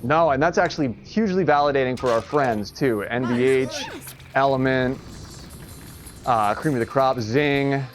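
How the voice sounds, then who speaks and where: A man streaming an online golf game live, commenting excitedly, laughing often, swearing and scolding himself over his shots. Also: mid-range voice, soft background music. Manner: excitable, swearing, quick to laugh and self-critical.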